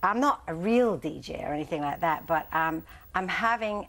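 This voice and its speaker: A woman in her sixties, chatting as a guest on a morning show, lively and given to laughing. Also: on the low side, normal speed. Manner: chatty, laughing, breaks into song. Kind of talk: casual chat.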